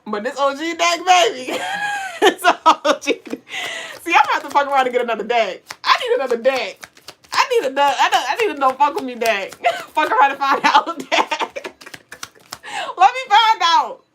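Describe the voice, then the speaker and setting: Woman host, fairly high voice, playful and slangy, laughs loud, casual livestream tarot reading. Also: big pitch swings, fairly quick, slight background noise. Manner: playful, slangy, laughs loudly and often, reads chat aloud.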